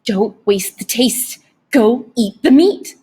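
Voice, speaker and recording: A woman's voice: medium pitch, lively intonation, unhurried, darkish tone, breathy edge. A woman voicing a wiry, sly male creature who coaxes and taunts in a sing-song chant in a storybook reading. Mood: coaxing.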